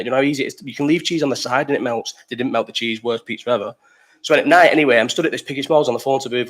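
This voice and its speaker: Fast-talking Scouse man telling a story. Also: mid-range voice. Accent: Liverpool. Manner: rambling, sweary storytelling, reads chat aloud. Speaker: livestream host. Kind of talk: casual live chat.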